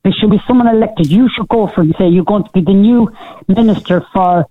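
A woman's voice: mid-range voice, fast. An older Irish woman calling in to a radio show, telling a story with sarcasm and acting out what people said. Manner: animated storyteller, sarcastic, acts out quoted speech. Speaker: caller. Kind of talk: radio phone-in chat. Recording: tinny phone line.

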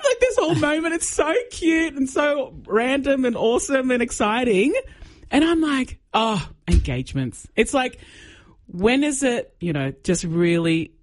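Excitable woman radio co-host. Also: mid-range voice, normal speed, no room sound. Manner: excitable storyteller, gushing, giggly. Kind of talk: casual radio chat.

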